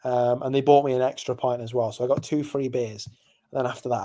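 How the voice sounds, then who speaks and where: A man's voice: medium pitch, steady tone, a little fast, mellow. Rambling young man telling a pub story. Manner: rambling storyteller, many fillers. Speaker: podcast co-host. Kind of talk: casual chat.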